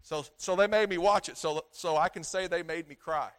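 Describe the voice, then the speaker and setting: A middle-aged man delivers a sermon in a high voice. He stumbles and repeats words as he goes, building to loud emphatic peaks and letting phrases sink low at their ends. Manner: halting, repeats words often. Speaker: pastor.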